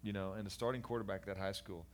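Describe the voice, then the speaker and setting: A middle-aged man, a guest in a conversation, giving a candid personal testimony about his past in an animated, earnest way with frequent restarts. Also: on the low side, very fast, slight background noise. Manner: animated storyteller, acts out voices of people in his story. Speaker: guest sharing his life story.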